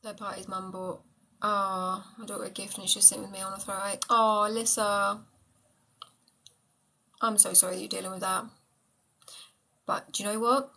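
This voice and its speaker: This is a woman hosting a live stream where she answers viewers' questions about manifesting. Her voice is bright and forward, and she talks in a loose, chatty way, addressing commenters affectionately as she goes. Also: mid-range voice, steady tone, brisk, low-quality recording. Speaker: manifestation coach. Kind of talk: casual live-stream chat.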